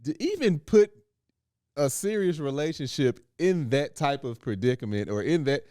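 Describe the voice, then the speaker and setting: A man co-hosting a casual podcast, animated and prone to rising into rants. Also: a little high, normal speed, no room sound, clean studio sound. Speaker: podcast co-host.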